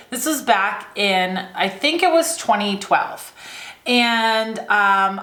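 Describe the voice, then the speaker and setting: A woman talking casually to camera about personal growth, unhurried and chatty, with plenty of fillers and questions to the viewer. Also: medium pitch, a bit bright. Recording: echoey room.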